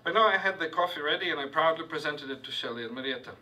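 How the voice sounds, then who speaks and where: Man, live fiction reading, halting with fillers, bright voice, distant mic. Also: a little high, lively intonation. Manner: halting, many filler sounds, asides to the audience. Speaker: author reading his fiction. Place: university reading hall with audience.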